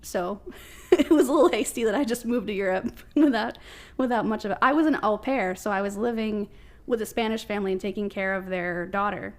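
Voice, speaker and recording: A woman's voice: medium pitch, a little fast. A woman from Ohio with a Midwestern American accent, a podcast guest chatting and telling stories, laughing often. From Ohio, USA. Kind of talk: casual chat.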